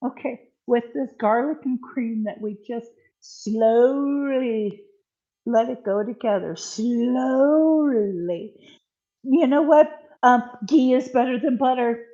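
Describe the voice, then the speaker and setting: Older female livestream cook, chatty and unhurried, high voice, dull home-stream audio. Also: a little mellow. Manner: chatty, talks to viewers while cooking, frequent ums. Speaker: livestream cooking host. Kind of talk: casual live cooking chat. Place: home kitchen.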